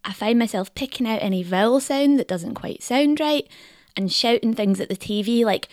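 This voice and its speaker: A woman with a Scottish accent hosting a podcast in scripted narration, lively, wry and articulate. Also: fairly high pitch, moderate pace, no echo, clean studio sound. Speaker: podcast host.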